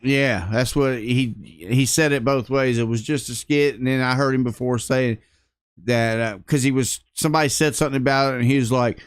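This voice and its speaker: Smooth, dry-voiced laid-back co-host. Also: medium pitch, normal speed, dry recording. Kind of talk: casual commentary chat.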